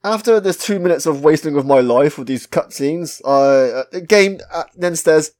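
Chatty British man, slightly high voice. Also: normal speed, darkish tone. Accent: British English. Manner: chatty, swears freely, laughs often, self-mocking. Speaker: podcast host reviewing a retro game. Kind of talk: casual chat.

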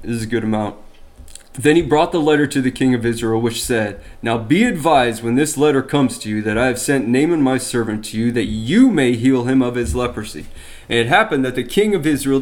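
A man teaching a Bible study, moving between reading scripture and explaining it in plain, chatty terms. His voice sits at a middle pitch, and he often checks in with the listener by asking "okay?".

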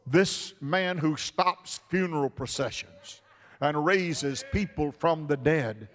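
A man preaching a sermon with an emphatic, repetitive cadence that now and then bursts into shouts. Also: a little high. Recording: long reverb of a large hall.

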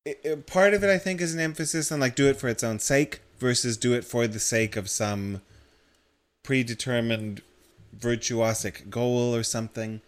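A man's voice: medium pitch, moderate pace. A man co-hosting a casual discussion podcast, explaining ideas at length in a thoughtful way. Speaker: podcast co-host.

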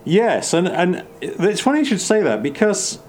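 A man's voice: high voice, moderate pace, a little hiss or hum. A man with an English accent from the Midlands chatting reflectively at a table, often restarting his sentences. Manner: reflective, many restarts, animated bursts. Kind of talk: casual chat.

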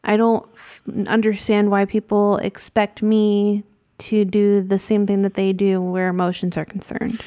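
A woman's voice: medium pitch, completely flat delivery, measured pace, dark tone. Dry-witted woman hosting a podcast. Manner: dry, teasing asides. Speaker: podcast host. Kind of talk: casual movie review chat.

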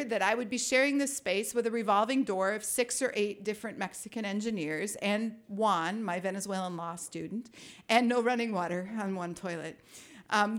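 A woman from Minnesota telling a lively personal story, with wry asides and vivid detail. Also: mid-range voice. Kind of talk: personal story told to an audience.

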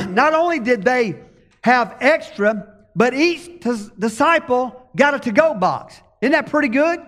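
High-voiced pastor preaching in a reverberant hall. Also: male voice, lively intonation, unhurried, a bit bright. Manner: conversational preaching with rhetorical questions. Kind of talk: sermon. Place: church stage.

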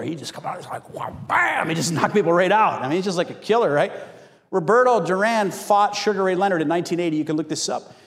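A man preaching a sermon as pastor, telling stories with animated acted-out quotes. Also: a little high. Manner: animated storytelling, acts out quotes. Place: church hall. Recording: long hall reverb.

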